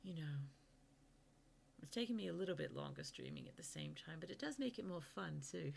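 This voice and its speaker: Sleepy low-voiced woman, gravelly and soft. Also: sing-song, a little fast, slight background noise. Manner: soft, sleepy, self-mocking, often half-whispered. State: sleepy and yawning. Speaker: streamer. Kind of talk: casual late-night stream chat while gift wrapping.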